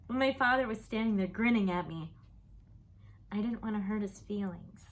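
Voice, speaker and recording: A woman reading a children's book aloud, with expressive, lively storytelling. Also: mid-range voice, normal speed. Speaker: audiobook reader.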